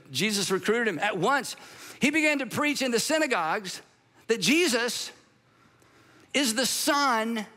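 A pastor preaching a sermon with playful storytelling asides and strong emphasis. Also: male voice, sits high, bright, forceful tone. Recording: long hall reverb.

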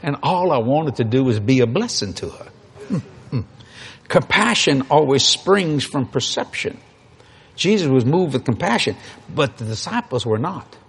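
A man's voice: mid-range voice, big pitch swings, normal speed, darkish tone, slightly rough. A man preaching a sermon, telling folksy stories in an emphatic way.

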